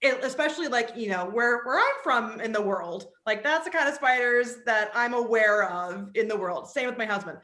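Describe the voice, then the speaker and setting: Woman, East Coast US upbringing, interview guest. Bright, lively storytelling, heavy filler words, recorded in an echoey room. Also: on the high side, normal speed, few pauses. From East Coast of the United States. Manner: animated, frequent "like" fillers. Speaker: author and psychologist, interview guest.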